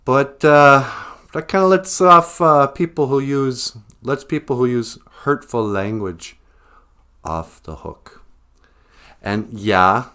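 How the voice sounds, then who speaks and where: A man delivering a mock-serious satirical monologue to camera in a deadpan manner. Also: mid-range voice, smooth. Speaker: comedian vlogger.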